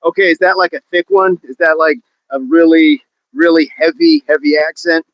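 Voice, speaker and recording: A man's voice: on the high side, fairly even intonation, normal speed, no room sound, dull audio. Upbeat man hosting a workout livestream. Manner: upbeat, reads viewer comments aloud and jokes about accents. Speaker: livestream fitness host. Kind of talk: casual livestream chat while exercising. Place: outdoors in wind.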